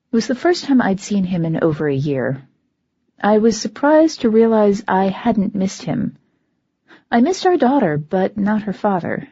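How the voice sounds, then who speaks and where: Husky, mellow woman narrating an audiobook. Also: mid-range voice, no room sound. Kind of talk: first-person audiobook narration. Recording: dull lo-fi audio.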